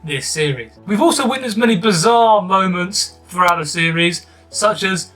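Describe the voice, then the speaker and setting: A young man narrates a highlights countdown in a chatty, wry way. His voice sits a little high and sounds bright. Faint music plays underneath. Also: normal speed, recorded from a distance. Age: young adult. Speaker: gaming YouTuber. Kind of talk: voice-over countdown commentary.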